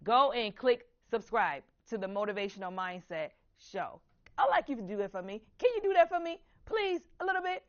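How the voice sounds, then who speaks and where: A woman from Buffalo, New York, hosting a motivational talk show, talking in an animated, preachy way and calling the audience "baby.". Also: medium pitch, normal speed, lo-fi sound. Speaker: host.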